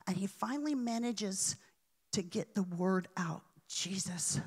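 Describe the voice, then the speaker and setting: A woman preacher telling a story in a sermon, dramatic, with sudden hushes and swells. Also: mid-range voice, expressive, measured pace.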